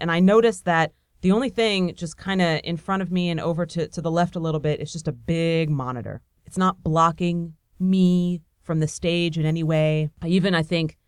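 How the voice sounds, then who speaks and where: A woman from Buffalo telling a personal story to an audience, excitable and breathless, acting out the voices of the people in it. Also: fairly low pitch, clear, resonant tone, no echo, clean studio sound. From Buffalo, New York, USA. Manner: excitable, breathless delivery, acts out quoted voices.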